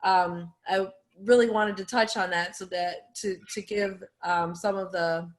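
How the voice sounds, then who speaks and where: A woman hosting a podcast who speaks in a measured way, pausing with fillers as she frames her points. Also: mid-range voice, steady tone. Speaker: podcast host and support group leader. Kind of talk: conversational interview talk.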